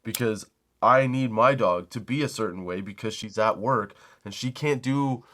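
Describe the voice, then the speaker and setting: A middle-aged man hosts a comedy podcast, speaking at a moderate pace in a lowish, fairly bright voice. His storytelling is a loose, profane rant in which he laughs at his own jokes and mimics the people he quotes in raised voices.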